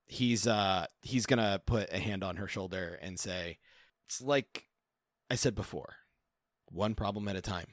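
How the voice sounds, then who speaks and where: Male player voicing a gruff, stony young fighter with a soft side; low, halting, dry close sound. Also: dry recording, close to an everyday voice. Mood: reassuring. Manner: terse, halting, awkwardly kind.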